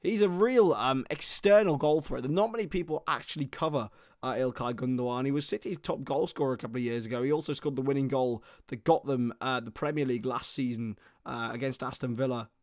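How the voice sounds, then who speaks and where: A young man giving excitable live football play-by-play on a stream, his voice starting to go hoarse, greeting viewers between plays. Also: medium pitch, fairly quick, no echo, clean studio sound. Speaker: football watchalong host.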